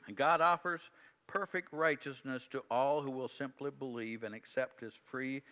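A man preaching with bright, forceful emphasis and tossing in quick tag questions. His voice rings with a long reverb through a large hall. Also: medium pitch, fairly even intonation. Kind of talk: sermon.

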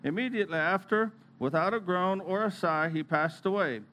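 A man preacher giving a slow, reverent devotional reading with brief asides. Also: sits high, pushed and bright, a little hiss or hum.

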